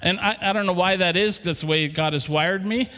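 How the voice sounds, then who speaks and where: A middle-aged man preaching a sermon in church, animated and asking the congregation questions. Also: sits high, brisk. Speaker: pastor. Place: church hall. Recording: long hall reverb.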